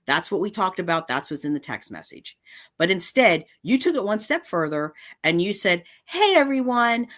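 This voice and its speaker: A woman's voice: fairly low pitch, expressive, moderate pace, a bit bright. A woman vlogger delivering an angry, confrontational rant straight to camera, indignant and repeating her points. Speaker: cat channel vlogger.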